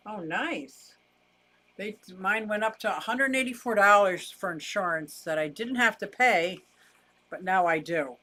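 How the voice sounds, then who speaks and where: A woman's voice: medium pitch, unhurried, pushed and bright. Older woman, livestream host, talkative, wry ranter. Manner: chatty, wry, laughs easily, rants about costs. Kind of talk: casual livestream chat reading viewer comments.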